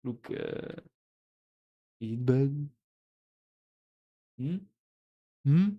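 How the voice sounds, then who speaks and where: A man from France with a French accent, streaming and chatting casually in English, playful and quick to laugh, often trailing off and restarting. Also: mid-range voice, muffled recording. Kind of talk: casual live-stream chat.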